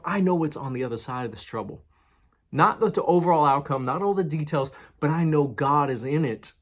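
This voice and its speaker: A man preaches at a church in New York City, his voice a little high and expressive, his pace fairly quick. The sermon feels casual and conversational, with key words repeated for emphasis.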